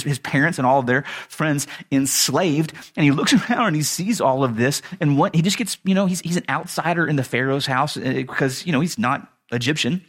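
A man giving a sermon as a pastor, retelling a story in a casual, humorous way with chuckles and restarts. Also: a little high.

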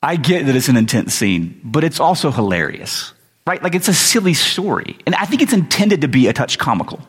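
Husky-voiced pastor preaching conversationally. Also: male voice, a little high, sing-song, brisk. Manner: conversational, joking asides. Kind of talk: sermon. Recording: long hall reverb.

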